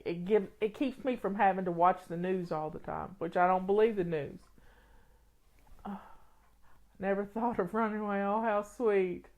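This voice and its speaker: A woman hosting a casual livestream, reading comments, tearful and sniffly, rambling with many restarts. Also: lowish voice. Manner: rambling, warm, frequent restarts and laughs. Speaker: livestream host.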